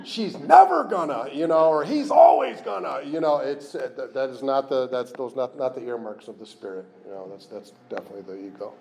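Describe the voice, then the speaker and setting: A man's voice: medium pitch, steady tone, fast talker, hardly any pauses, darkish tone. Candid, rambling man at a recovery meeting. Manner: candid, rambling, self-deprecating with restarts. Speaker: AA speaker. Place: meeting room with a fan.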